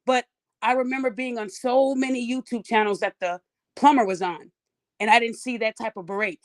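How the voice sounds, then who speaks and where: A woman's voice: fairly high pitch, fairly even intonation, moderate pace. A woman hosting a live-streamed podcast, who is soothing toward her guest and blunt and lecturing toward the chat. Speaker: podcast host.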